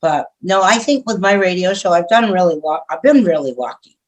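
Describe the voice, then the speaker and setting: A woman's voice: fairly low pitch, expressive, a little fast. A middle-aged woman chats as a guest on an interview show, speaking her mind frankly and at length. She is a radio host herself and laughs easily as she talks. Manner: frank, talkative, laughs often. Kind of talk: casual interview chat.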